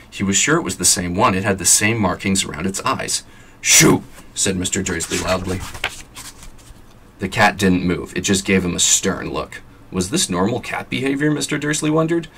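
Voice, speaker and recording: A man's voice: sits low, fairly bright tone. A man reading a novel aloud with a scratchy throat, adding chatty asides now and then. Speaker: vlogger reading an audiobook.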